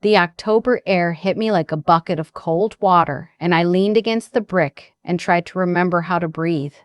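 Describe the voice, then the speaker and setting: Older woman in her sixties, low-pitched, measured reflective storyteller; dry studio read for audio drama. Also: no echo. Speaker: first-person narrator. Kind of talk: scripted audio drama narration.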